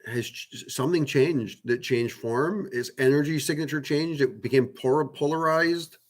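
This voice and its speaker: With an unhurried pace and a medium-pitched voice, this man hosts a channel where he chats at length with viewers about spiritual matters. He wanders from point to point, using many fillers, restarting often and swearing casually.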